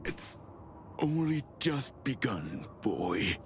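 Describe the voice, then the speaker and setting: An actor playing a sinister, taunting villain who speaks slowly and theatrically. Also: male voice, mid-range voice, big pitch swings, slight background noise, full character voice. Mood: menacing. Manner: slow, menacing, theatrical with mocking laughs. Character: sinister ancient male villain, taunting and grand. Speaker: boss character. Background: game music.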